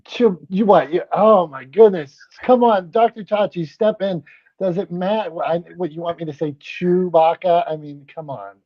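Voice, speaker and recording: A man with a regional American accent hosting a casual podcast chat, playful and excitable, often restarting his sentences. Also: high-pitched, moderate pace, no room sound. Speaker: host. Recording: slightly dull lo-fi sound.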